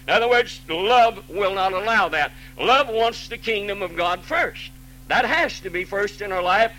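A man's voice: high-pitched, sharp tone, poor audio. A man preaching a sermon as pastor, folksy and plainspoken, quoting scripture and restarting phrases.

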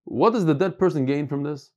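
Animated man teaching Talmud. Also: a little high, brisk, dull audio. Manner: animated, repeats words while searching for phrasing. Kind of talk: Talmud class, reading and explaining.

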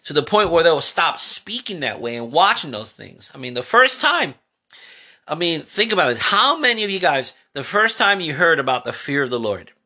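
A man's voice: a little high, very animated, normal speed, pushed and bright. A man preaching a sermon, asking his listeners questions, building emphasis and retelling scripture in everyday speech. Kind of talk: sermon teaching.

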